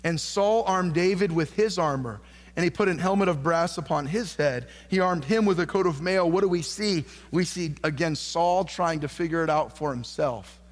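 High-voiced preacher in a reverberant hall. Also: male voice, normal speed. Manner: reads scripture aloud and calls questions out to the congregation; builds to fervent, emphatic preaching. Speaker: pastor. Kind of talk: sermon. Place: church sanctuary.

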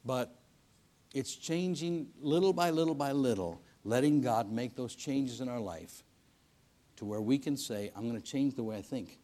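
A man preaching a sermon in a church service, telling stories in a folksy way, swinging between loud emphasis and hushed lines. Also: medium pitch, moderate pace. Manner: folksy storytelling with repetitions and restarts.

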